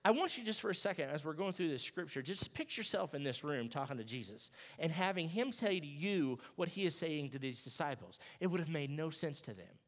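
High-voiced pastor preaching in a reverberant church. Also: male voice, a little fast, hardly any pauses. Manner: acts out Bible dialogue in a lively, jokey everyday voice. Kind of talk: casual conversational sermon. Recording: church sanctuary with long reverb.

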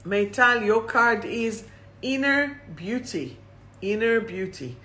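A woman hosting a live-streamed oracle card reading, reading each affirmation slowly and then repeating it. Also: a little high, animated, pushed and bright. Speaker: host and card reader.

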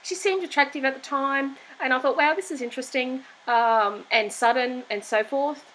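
A woman's voice: sits high, moderate pace, a bit bright, a little hiss or hum, low-quality recording. A middle-aged woman hosting a talk show, delivering a blunt, opinionated rant with frequent restarts. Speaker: host. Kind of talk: opinion commentary monologue.

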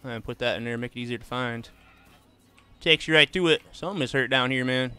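A man's voice: mid-range voice, fairly quick, bright, forceful tone, smooth, faint music behind. A man doing casual live gaming commentary, chatting easily with viewers and tossing in "man" and "bro" all the time. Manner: laid-back, drawls "man" and "bro" often. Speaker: streamer.

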